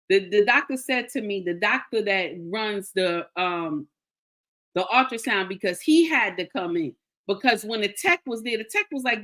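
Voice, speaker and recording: A woman telling an emotional personal story to her viewers, animated and emphatic, repeating her lines and calling out to her listeners. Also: medium pitch, normal speed.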